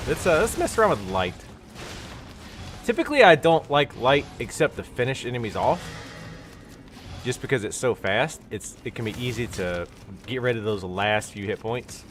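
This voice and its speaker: A man's voice: medium pitch, a bit bright. A man with a stuffy nose giving casual, rambling commentary while he plays a game on a live stream. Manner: rambling, explanatory, with many fillers. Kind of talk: casual let's-play commentary.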